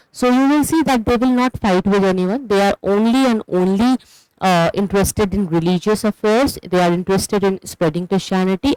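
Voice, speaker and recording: A teacher with an Indian English accent delivers an online history lecture for exam preparation. The voice is clear and smooth, with a dry, close sound and no room echo. The delivery explains step by step and keeps checking in with "okay" while pointing things out on a map. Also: mid-range voice, darkish tone.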